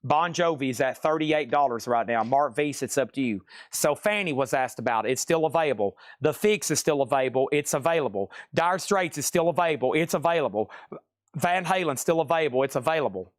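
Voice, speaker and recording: A man runs a live online record sale, rattling off titles and prices in quick, excitable patter and repeatedly breaking into exclamations. His fairly high voice is close and dry, with no echo or room sound.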